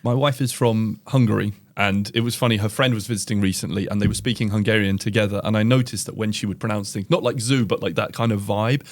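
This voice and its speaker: A man co-hosting a podcast, telling a story playfully and adding quick jokes. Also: fairly low pitch, fairly even intonation. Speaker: podcast co-host. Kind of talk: casual podcast chat.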